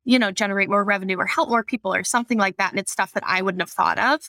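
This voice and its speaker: A woman's voice: medium pitch, very fast, creaky, sharp tone, no room sound. Earnest woman in casual podcast chat. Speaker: employee, podcast guest.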